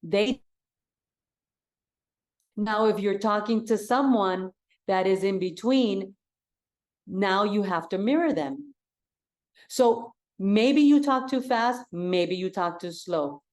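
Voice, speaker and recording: An energetic woman coaching an audience with a direct, emphatic delivery. She sits at a mid pitch for a woman and hammers her key points home by saying them twice. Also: slow, pauses often. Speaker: real estate coach. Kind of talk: coaching talk.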